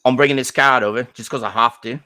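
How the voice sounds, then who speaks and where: A man's voice: mid-range voice, steady tone, fast, no room sound, voice pushed up, close to an everyday voice. A man putting on a jeering bloke. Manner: loud, jeering, sweary. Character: crude working-class British man mocking his mum.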